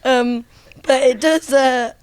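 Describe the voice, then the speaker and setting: A woman's voice: high voice, steady tone, slow, smooth, no room sound. A woman interviewing a band, chatty and slangy with lots of ums. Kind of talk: casual interview chat.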